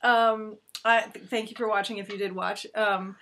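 A woman's voice: mid-range voice, little pitch movement, normal speed, a bit bright. A woman hosting a casual talk show, chatty and enthusiastic, laughing often. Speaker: host. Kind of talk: casual chat.

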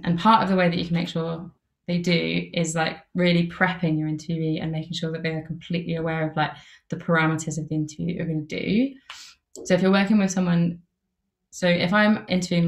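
In a lowish, reverberant voice, a workshop instructor leads an interviewing masterclass. She keeps the tone chatty and informal, with her sentences full of "like"s and "um"s.

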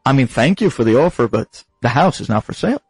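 A man's voice: medium pitch, animated, fast talker, a little mellow, breathy edge, no room sound, soft background music. A man voicing an annoyed homeowner who firmly refuses again and again. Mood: polite. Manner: firm, exasperated refusals. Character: annoyed male homeowner, firm and exasperated.

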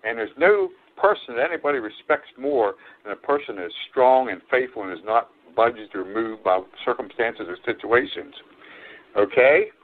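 A man's voice: mid-range voice, expressive, moderate pace. A male pastor preaching a sermon in a conversational way, often repeating phrases and calling his listeners folks. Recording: phone-like narrow-band stream audio.

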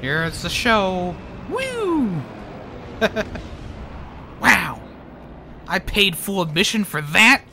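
A man's voice: high-pitched, slow, creaky, long pauses, sharp tone, slight background noise. A man streaming a war video game, giving casual joking commentary, laughing often and swearing now and then.

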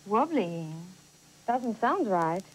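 A woman's voice: mid-range voice, sing-song, drawn-out words, husky, exaggerated voice, poor audio. An actress playing an earnest adult woman learning spelling, in a scripted educational TV lesson. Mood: curious.

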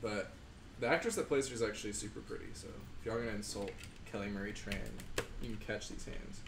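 A young man jokes and teases through a relaxed livestream chat as he builds. He sits some way from the mic in an echoey room. Steady background noise runs under his voice. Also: fairly low pitch, fast, recorded from a distance. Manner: joking, teasing banter. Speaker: stream co-host.

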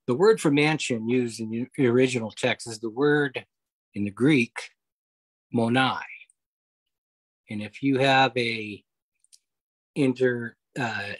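A man leading a Bible study over a video call, explaining scripture step by step, often pausing on okay and uh. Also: medium pitch, husky, dry recording, rough recording. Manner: explanatory, repeats key points, frequent okay and uh. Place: home, online meeting.

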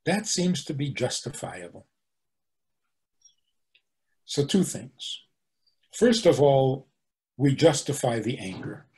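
A man, a rabbi, giving an animated teaching talk, posing rhetorical questions and answering them himself. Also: medium pitch, takes it slowly, long pauses. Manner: animated, acts out the angry voices he quotes.

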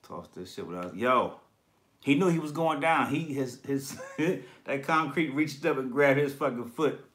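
A man of medium pitch and fairly bright tone, speaking a little slowly, hosts a collectibles livestream. His casual chat and comment-reading are peppered with slang, profanity, and plenty of laughs.

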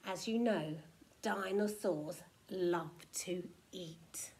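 Animated woman reading a storybook. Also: mid-range voice, slow pace, gravelly. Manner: animated, expressive, with hushed asides. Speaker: teacher. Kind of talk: reading a picture book aloud to children.

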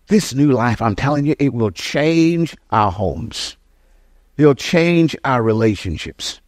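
A middle-aged man preaching a sermon with emphasis, dropping to low murmurs and rising to raised exclamations while asking the congregation question after question. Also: animated, moderate pace, darkish tone, no echo, clean studio sound. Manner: asks the congregation questions again and again. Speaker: pastor.

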